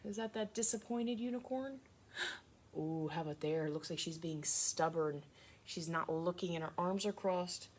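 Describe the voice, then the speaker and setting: A woman's voice: lowish voice, slight background noise. Sing-song woman teaching young children. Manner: sing-song, speaks slowly and warmly to small children. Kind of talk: remote lesson for young children.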